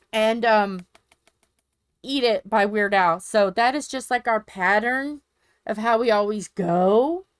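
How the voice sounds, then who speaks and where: Slow-talking high-voiced woman livestreaming. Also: smooth, dry recording. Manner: rambling, joking, swears freely. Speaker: live-streaming crafter. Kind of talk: casual live-stream chat.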